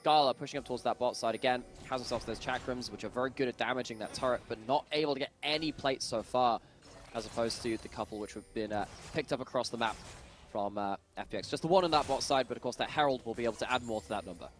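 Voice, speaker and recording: A man's voice: medium pitch, fast talker. A man casting a live esports match, doing play-by-play with playful, jokey asides. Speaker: esports caster.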